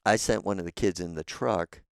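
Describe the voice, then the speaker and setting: A man with a low, gravelly voice that stays smooth and resonant, spinning casual, salty stories as a podcast guest. He sounds relaxed and laughs easily. The sound is dry and close on a studio mic. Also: fairly quick, dry recording. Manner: relaxed, profane, laughs often. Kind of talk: casual storytelling.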